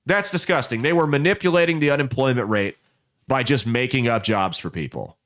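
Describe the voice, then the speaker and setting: A man hosting a political commentary podcast, telling folksy stories and quickly voicing the people in them. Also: medium pitch, expressive, fairly bright tone. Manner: folksy storytelling with quick voices for people in the anecdotes. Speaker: podcast host.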